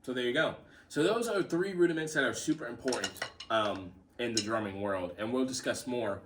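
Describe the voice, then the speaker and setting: Recorded on a distant mic over a noisy background, a man with a mid-range voice talks fairly quickly through a casual drum lesson. A relaxed drum teacher, he calls out stickings, repeats himself, and explains while demonstrating.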